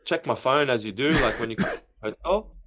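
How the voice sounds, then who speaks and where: A man in casual podcast talk, telling an animated story and acting out the dialogue. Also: mid-range voice, fairly quick. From not from Europe. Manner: animated, acts out quoted dialogue. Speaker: podcast guest, former footballer.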